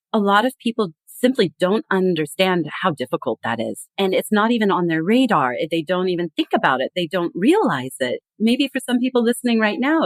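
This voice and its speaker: A woman's voice: medium pitch, no room sound. A woman guest in a podcast interview, explaining earnestly and acting out quoted phrases.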